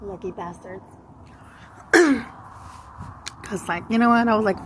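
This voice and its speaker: A woman's voice: medium pitch, slow pace, slight background noise, rough recording. A woman telling a rambling, profane story to her viewers in a casual vlog. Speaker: vlogger.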